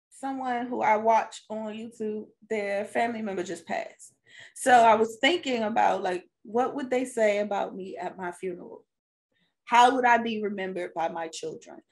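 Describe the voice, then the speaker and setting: A mother and stepmother co-hosting a podcast tells a laid-back family story, laughing often along the way. She talks at a moderate pace in a fairly high voice, a relaxed storyteller.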